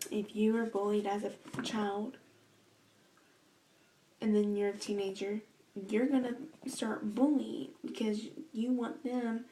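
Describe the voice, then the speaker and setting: A young woman talking earnestly to her camera in a vlog, slow and emotional, halting with sighs and restarts. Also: mid-range voice, warm tone, a little hiss or hum, rough recording. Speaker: vlogger.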